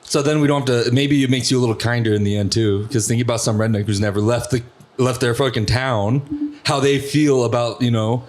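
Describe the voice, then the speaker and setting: Young male podcast host, loose and rambling, swears a lot, medium pitch. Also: fairly even intonation, a little fast. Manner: rambling, profane storytelling with lots of fillers. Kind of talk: casual podcast chat.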